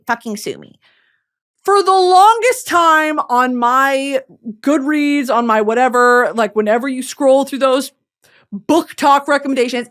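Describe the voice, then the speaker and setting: A young adult woman hosting a podcast, talking in a casual comedic monologue, profane and ranting, swinging from quiet reflection to shouting. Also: high-pitched. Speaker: podcast host.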